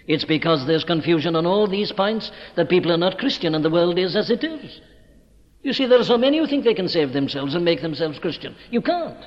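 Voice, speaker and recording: A man preaching an evening sermon in an emphatic, declamatory way, hammering words with rising stress. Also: fairly high pitch. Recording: dull old recording with long hall reverb.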